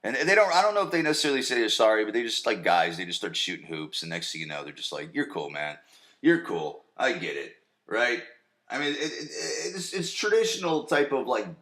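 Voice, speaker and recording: Male podcast host, lowish voice, casual rambling recap, lots of ums and restarts. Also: a bit bright. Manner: rambling, loose, with many fillers and restarts.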